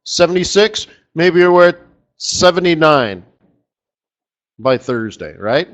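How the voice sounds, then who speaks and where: Excitable man talking forex markets. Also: on the high side, slow. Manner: excitable, chatty, lively exclamations. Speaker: market strategist host. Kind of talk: live trading webinar commentary.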